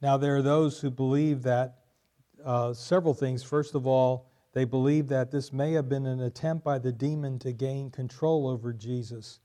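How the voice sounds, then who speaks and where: A man's voice: mid-range voice, steady tone, moderate pace, mellow. A male pastor delivering a sermon, stressing points by repeating them and building to emphatic questions. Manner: emphatic preaching, repeating key lines for stress.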